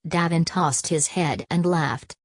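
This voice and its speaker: A woman narrating a novel as an audiobook, reading in a steady, measured way. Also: low-pitched, dry recording. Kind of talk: scripted narration.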